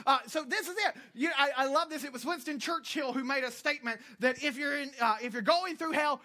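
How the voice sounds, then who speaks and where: A woman from Florida preaching a sermon, blunt and animated with scolding asides. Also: sits high, brisk, few pauses. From Florida, United States. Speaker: pastor.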